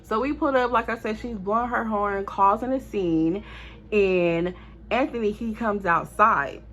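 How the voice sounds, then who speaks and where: A woman telling a storytime vlog in a casual, animated and profane way, often talking straight to her viewers. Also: medium pitch, a little slow, slight background noise. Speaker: storytime vlogger.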